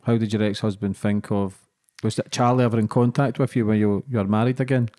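A man's voice: on the low side, fairly even intonation, fast talker, warm tone, no room sound. A man hosting a podcast, asking his guest short, direct questions. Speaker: podcast host. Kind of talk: interview questions.

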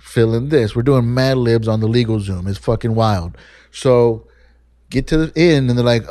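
A young man hosting a podcast, telling a story in a casual, profane, animated way and acting out the people he quotes. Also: medium pitch, normal speed, no echo, clean studio sound. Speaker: podcast host.

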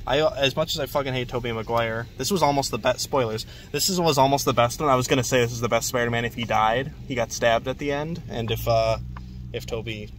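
A man's voice: mid-range voice, fast talker, fairly bright tone, a little hiss or hum. A man hosting a casual movie review chat in a restaurant, rambling and swearing often. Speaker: host. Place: fast food restaurant.

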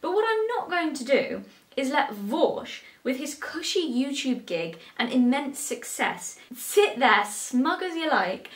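A woman's voice: sits high, big pitch swings, a little slow, reverberant, far from the mic. An English woman giving a sarcastic commentary rant and firing mocking questions. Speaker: commentary YouTuber.

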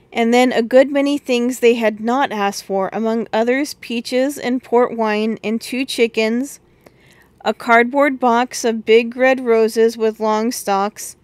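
Smooth-voiced woman reading a storybook. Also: a little high, no room sound. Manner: steady measured reading. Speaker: audiobook reader. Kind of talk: scripted storybook narration.

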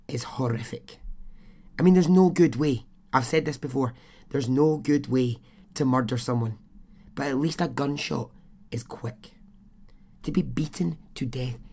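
A man's voice: medium pitch, vocal fry, darkish tone, breathy edge. A man hosting a podcast, telling a true-crime story in a chatty, blunt way, swearing and adding his own asides. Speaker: podcast host.

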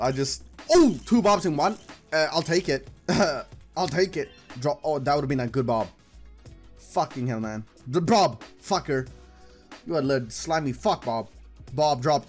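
A young man giving casual, excitable commentary while gambling, swearing and talking to the game. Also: fairly high pitch. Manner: excitable, swearing, talks to the screen. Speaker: gambling streamer. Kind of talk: casual live slot commentary.

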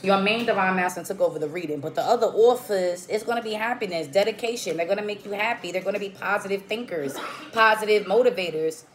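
A woman's voice: mid-range voice, quick pace. Emphatic woman giving a tarot reading. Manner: emphatic, repeats "okay?" often; slangy and profane. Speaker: tarot reader.

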